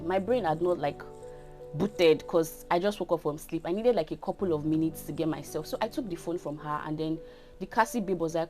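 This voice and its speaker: A chatty twenty-year-old woman with a Nigerian accent tells a casual story, often checking in with her viewers. Her voice sits a little low for a woman. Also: fast talker, dark tone, faint music behind. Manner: chatty, often asks "do you get?". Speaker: vlogger.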